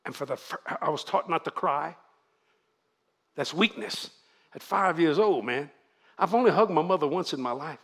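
An older man with a Louisiana Cajun drawl preaches in a folksy, animated way, spinning stories for a congregation. His voice sits a bit high and carries a gravelly rasp. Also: normal speed, pauses often. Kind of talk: storytelling sermon to a congregation.

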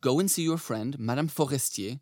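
An actor playing a mild, eager-to-please clerk husband in an audio drama, speaking in a gentle, coaxing way. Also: male voice, mid-range voice, a little fast, no echo, natural voice. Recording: dry close studio sound.

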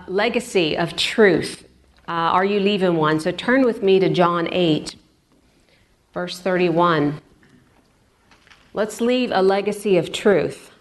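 Woman pastor, lowish voice, conversational sermon delivery, repeats words for emphasis. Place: church.

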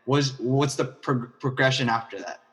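A man's voice: mid-range voice, moderate pace, fairly bright tone. A man hosting a casual interview who recaps his guest's story and then asks probing questions. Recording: roomy reverb.

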